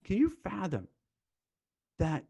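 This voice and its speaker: High-pitched, slow, and gravelly with a husky edge, this man's voice comes with no room sound. A recruiter hosting a casual live stream, he talks animatedly, performs dialogue in mock voices, and repeats words as his excitement builds.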